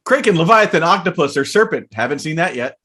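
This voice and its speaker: Man, slightly high voice, casual podcast co-host, reads card text aloud, relaxed. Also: fast talker, breathy edge. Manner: laid-back, reads card text aloud, frequent fillers. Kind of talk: casual chat about card game spoilers.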